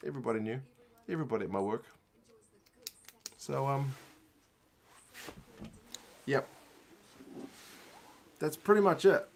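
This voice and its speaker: Brief: male rugby host of average pitch spinning a loose, self-deprecating anecdote, chuckling through it. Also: sing-song, unhurried, long pauses, slight background noise. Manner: rambling, self-mocking anecdote with frequent laughs. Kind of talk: casual storytelling during a watch-along.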